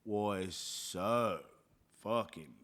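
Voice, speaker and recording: A man's voice: lowish voice, very slow, fairly bright tone. A man hosting a podcast, talking in a loose, rambling way with casual swearing. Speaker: podcast host.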